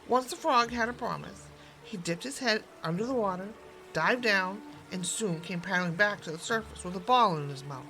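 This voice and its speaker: A woman reading a fairy tale aloud in an expressive, gently paced storytelling voice. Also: medium pitch, moderate pace, slight background noise. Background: background music.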